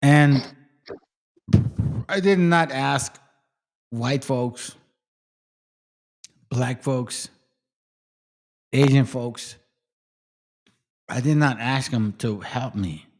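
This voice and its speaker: A man hosting a casual livestream chat, rambling, swearing freely and trailing off into quiet mutters. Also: mid-range voice, drawn-out words, long pauses. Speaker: livestream host.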